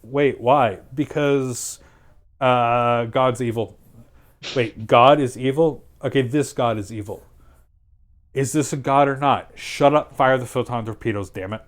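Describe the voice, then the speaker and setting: A man hosting a stream, casually retelling plots in a sarcastic, rambling way with quick quoted asides. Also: medium pitch. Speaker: streamer host. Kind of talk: casual chat.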